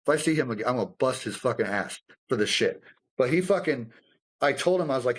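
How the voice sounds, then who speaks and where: A young adult man with a middle-pitched voice tells army stories with a loose, profane energy. He swears constantly and acts out the sergeants he quotes. His pitch climbs when he gets worked up. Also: quick pace, husky. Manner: profane, animated storytelling with quoted dialogue. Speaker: guest, combat veteran. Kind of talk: casual storytelling conversation.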